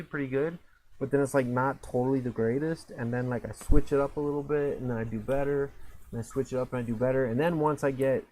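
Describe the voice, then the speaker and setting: A man in the middle of his own match, talking casually and rambling on with fillers and restarts. His pitch sits in the middle, and a faint hiss of noise runs under the voice. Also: darkish tone, poor audio. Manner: rambling, self-mocking, frequent fillers and restarts. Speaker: gameplay commentator. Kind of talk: casual gameplay commentary.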